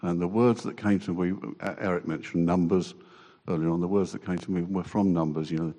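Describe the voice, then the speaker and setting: A man giving a halting, emotional personal testimony to a church congregation. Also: deep voice, steady tone, mellow. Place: church hall. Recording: long church reverb.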